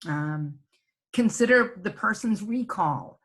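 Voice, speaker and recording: Husky middle-aged woman presenting a webinar. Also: medium pitch, animated, takes it slowly. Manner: conversational, tags points with "right?". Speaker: senior living presenter. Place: home office.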